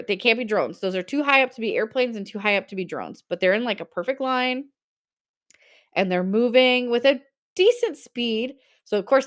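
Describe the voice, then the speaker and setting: Hosting a live-stream sale, a woman in her forties chats casually, tells stories, laughs a lot and reads viewer comments aloud. Her pitch is medium.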